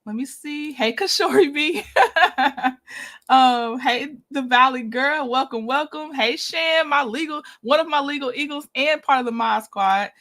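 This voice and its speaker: A woman's voice: sits high, measured pace, a bit bright. A woman hosting a casual livestream, chatting and laughing often as she greets her viewers one by one by name. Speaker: livestream host.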